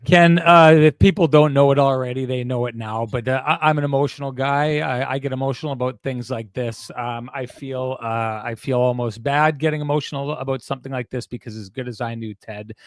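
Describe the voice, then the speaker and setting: Man, thirties, podcast co-host, halting and earnest, dry close mic. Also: medium pitch, no echo. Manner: halting, repeats words, earnest. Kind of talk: emotional tribute on a post-game show.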